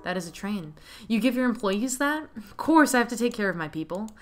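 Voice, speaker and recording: A woman voicing a friendly, easygoing middle-aged male mechanic who teases and jokes in a relaxed way. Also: mid-range voice, brisk, slight background noise, lightly acted.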